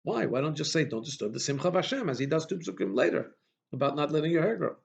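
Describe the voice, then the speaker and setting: A man's voice: fairly high pitch, big pitch swings, fast, vocal fry. A man teaching a Torah class as a rabbi, posing questions and emphatically restating verses, with many restarts. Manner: questioning, emphatic, frequent restarts and Hebrew terms.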